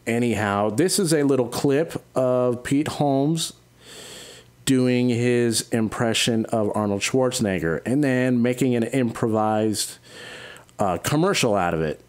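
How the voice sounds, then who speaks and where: Relaxed halting podcast host man. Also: medium pitch. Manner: relaxed, halting, many fillers. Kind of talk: casual podcast introduction.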